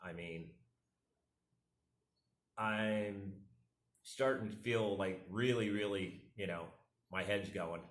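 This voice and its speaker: A man's voice: on the low side, slow, long pauses. A middle-aged man vlogging, telling a rambling, self-deprecating story and acting out the quotes. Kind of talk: casual storytelling. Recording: echoey room.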